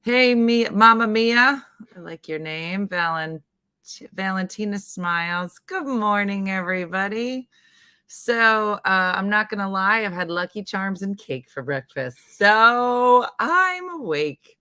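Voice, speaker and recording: A woman from New Jersey with a Jersey accent hosts a casual live morning stream. Her voice is a bit hoarse, and she rambles chattily and laughs at herself. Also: medium pitch, expressive, slow, sharp tone, no echo. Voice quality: slightly hoarse, husky. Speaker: morning show host.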